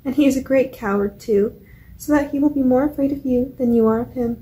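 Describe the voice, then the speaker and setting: A woman's voice: high-pitched, fairly quick, mellow, lightly acted, rough recording. A woman voicing a brave, polite young girl in a storybook reading, in an earnest manner.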